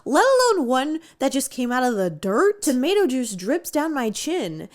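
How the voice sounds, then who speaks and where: A woman's voice: high voice, normal speed. Sarcastic young woman roasting a book. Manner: sarcastic, profane and animated. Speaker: book review youtuber. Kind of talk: comedic book reading and review.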